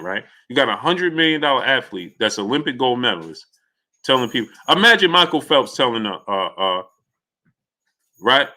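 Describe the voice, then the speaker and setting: Bright-voiced male stream host. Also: mid-range voice. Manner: animated, greets viewers by name. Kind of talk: casual live-stream commentary.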